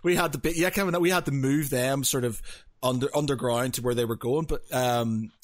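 A man hosting a podcast in casual chat, speaking haltingly with many restarts. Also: mid-range voice, dry recording, studio quality. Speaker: podcast host.

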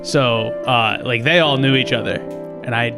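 A young man in a casual podcast chat, talking in a halting, self-deprecating way. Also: medium pitch, over music.

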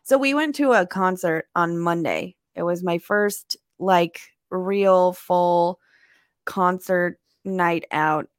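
A woman's voice: on the low side, slow, clean tone, no room sound, clean studio sound. A young woman co-hosting a podcast, chatting casually and laughing often at herself. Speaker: podcast co-host. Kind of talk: casual chat.

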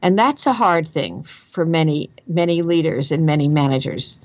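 A woman's voice: low-pitched, lively intonation, normal speed, no echo. A woman with a New Jersey accent, a guest author talking about careers in an emphatic, earnest way and repeating phrases for stress. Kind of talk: conversational interview.

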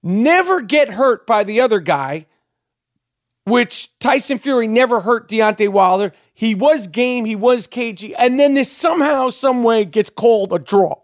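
A man's voice: very high voice, lively intonation, measured pace, no echo, clean studio sound. A middle-aged man hosting his own podcast, ranting in a rambling, profane way. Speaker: podcast host. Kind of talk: casual ranting monologue.

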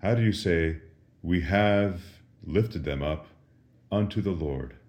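In a slow catechism lesson built on call and response, a priest teaches Latin prayers. His very deep voice is darkish in tone and echoes through the room, and he pauses patiently after every question before giving the answer.

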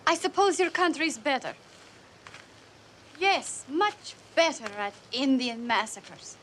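A woman's voice: sits high, big pitch swings, slow pace, fairly bright tone, heavily acted. Scornful young Soviet woman. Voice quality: scornful, biting. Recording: film clip with faint background noise.

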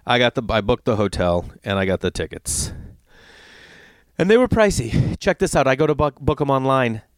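A middle-aged man from the Los Angeles area delivers a long, exasperated monologue, swearing often and animatedly acting out both sides of the conversation. His medium-pitched voice moves at a moderate pace, recorded in studio quality with no room sound.

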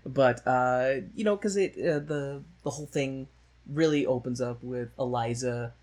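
Laughing frequently and with a sardonic edge, a man meanders through a casual chat about a movie he saw, putting on mocking voices for the quotes. His mid-range voice is a little mellow and a bit slow.

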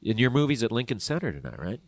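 A man's voice: mid-range voice, sing-song, quick pace, dry recording. A man hosting a podcast with a congested, stuffy voice, chatting casually and joking. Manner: loose, swearing, joking. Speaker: podcast host. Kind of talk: casual chat.

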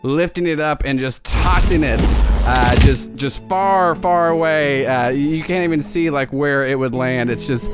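A man's voice: a little high, a little slow, music in the background. A man narrating as game master, rambling and often breaking into giggles.

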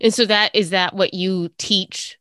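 A woman's voice: mid-range voice, fairly even intonation, measured pace, a bit bright, no room sound. Dry-sounding woman interviewer. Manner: attentive, asks probing questions. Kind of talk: conversational interview.

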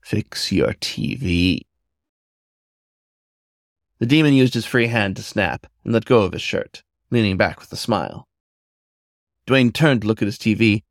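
Low-voiced man reading a story. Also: expressive, moderate pace, no echo, clean studio sound. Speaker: narrator.

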